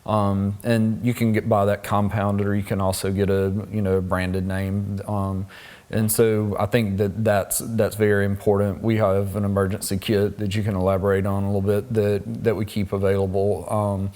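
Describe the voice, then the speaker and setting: A man who works as a cosmetic injector, talking on an educational podcast in a halting way with many pauses. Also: lowish voice, warm tone.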